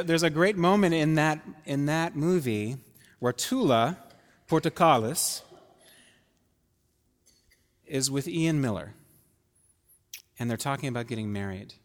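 A pastor preaching in an easy, conversational way, with a voice of ordinary middle pitch. He puts questions to the congregation and plays out little dialogues. A long hall reverb trails after his words. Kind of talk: sermon.

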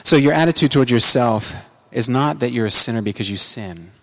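A man preaching a sermon, earnest, climbing to emphatic peaks and dropping low for quiet asides. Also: fairly quick, in a large hall. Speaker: pastor.

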